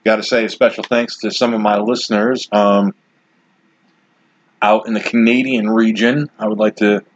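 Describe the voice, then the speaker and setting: A man's voice: fairly low pitch, little pitch movement, moderate pace, dull audio, a little hiss or hum. A man in his forties from Detroit, hosting his own podcast and rambling bluntly through his opinions with lots of asides, a bit hiccupy. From Detroit, USA. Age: 40s. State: has the hiccups. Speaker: podcast host. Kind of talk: casual solo commentary.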